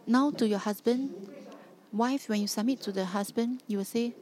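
A woman's voice: on the high side, normal speed, mellow. Earnest woman preaching with emphatic repetition. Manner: earnest, emphatic, repeats phrases for stress. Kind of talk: sermon.

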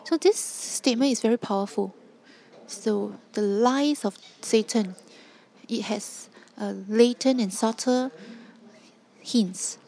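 A woman's voice: a little high, slow, dark tone. Emphatic preaching woman. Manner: emphatic, repeats rhetorical questions. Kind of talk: sermon.

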